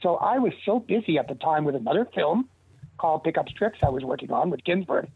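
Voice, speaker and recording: Older man, gravelly, over a phone line. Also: a little high, a little fast. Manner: rambling, animated anecdotes with restarts. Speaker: interview guest. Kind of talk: casual storytelling. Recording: tinny dry phone line.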